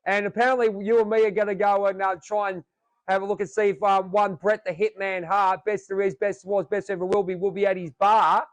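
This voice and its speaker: A man's voice: high voice, little pitch movement, fairly quick, no room sound, low-quality recording. A man with an Australian accent hosting a podcast in a chatty, jokey way, rambling with fillers. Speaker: podcast host. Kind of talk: casual chat.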